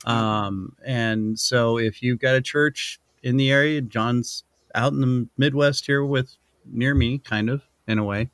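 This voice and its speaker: A man's voice: mid-range voice, steady tone, fairly bright tone, no echo. A male show host in casual interview chat, joking and laughing easily. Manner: jokey, laughs easily, quick quips.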